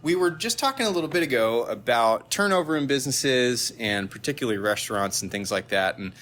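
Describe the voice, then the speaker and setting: Lively, bright-voiced podcast host man. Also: medium pitch, a little fast, a little hiss or hum. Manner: animated, chatty, laughs easily. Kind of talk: casual interview chat.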